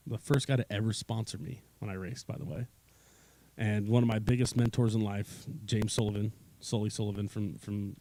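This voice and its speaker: A middle-aged man from Southern California telling a race story in casual chat, laughing and acting out quotes. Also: mid-range voice. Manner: animated, acts out quotes, laughs while telling. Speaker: IndyCar spotter, guest.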